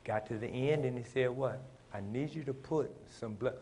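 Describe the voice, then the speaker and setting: A man preaching a sermon in plain, folksy speech, building to shouted emphasis and calling on the congregation to respond. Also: mid-range voice, normal speed, husky. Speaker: pastor.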